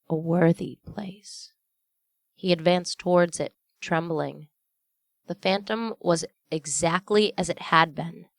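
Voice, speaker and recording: Woman reading an old story out loud, slow n solemn, kinda low voice, dead dry sound. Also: no room sound. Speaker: audiobook reader. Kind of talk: storybook narration.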